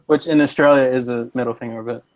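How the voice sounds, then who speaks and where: A man's voice: medium pitch, fairly even intonation, fast talker. A man from South Carolina with a Southern US accent, joking and teasing in a casual livestream chat. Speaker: guest on livestream.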